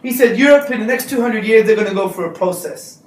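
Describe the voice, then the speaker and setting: Male lecturer, animated and joking, recorded at a distance in a roomy hall with faint noise. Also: sits high, quick pace. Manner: animated, joking, street slang. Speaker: Islamic speaker. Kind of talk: lecture to students. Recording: echoey hall recorded from far off.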